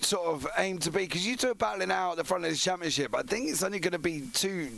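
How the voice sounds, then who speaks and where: Somerset guy hosting a race stream, bit higher voice, teasing banter with the driver. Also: fast talker, gravelly, a bit bright. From Somerset, England. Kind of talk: casual interview hosting.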